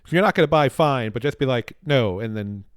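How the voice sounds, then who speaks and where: A man hosting a casual podcast, talking quickly at a middle pitch. The sound is dry and close, with no room around it, and he chats loosely, swearing and joking. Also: clean tone, no room sound. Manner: fast, animated talker with swearing and laughs. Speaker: podcast host; library security worker. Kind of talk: casual chat.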